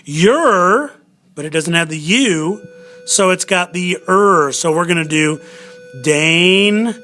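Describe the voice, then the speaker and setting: A man's voice: on the high side, fairly even intonation, moderate pace, pushed and bright, faint music behind. A man teaching a recorded spelling lesson, patiently sounding out syllables and spelling words letter by letter.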